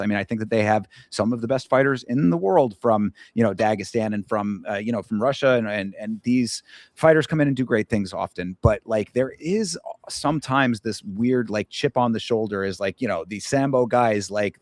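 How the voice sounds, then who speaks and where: A man's voice: lowish voice, no echo. A man co-hosting a fight review podcast, ranting heatedly about refereeing, with emphatic restarts. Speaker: podcast co-host. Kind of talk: casual fight review chat.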